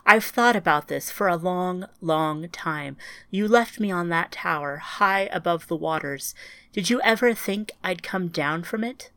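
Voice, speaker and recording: A woman's voice: fairly low pitch, unhurried, a bit bright, no room sound. A woman playing a grieving older woman with grandchildren, speaking in an earnest, strained, searching way in an audiobook. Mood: pained.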